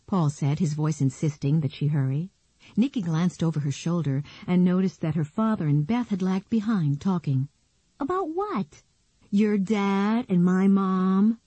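A female audiobook narrator with a low, warm voice and a soft, breathy texture. She tells the story in an even, unhurried way. The recording is close and dry, with no room around it. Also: no room sound. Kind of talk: scripted narration.

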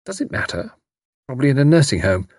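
A man reading an audiobook, voicing a lively, mischievous young woman spy who talks in a breezy, self-assured way. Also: mid-range voice, fast talker, breathy edge, dry recording, clean studio sound, pitched above the performer's own voice. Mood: playful.

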